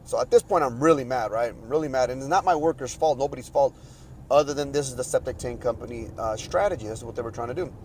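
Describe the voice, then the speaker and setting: A man's voice: mid-range voice, fast, a little mellow, a little hiss or hum, rough recording. A man hosting a podcast, telling a long frustrated story in a casual, rambling way with many restarts. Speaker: podcast host.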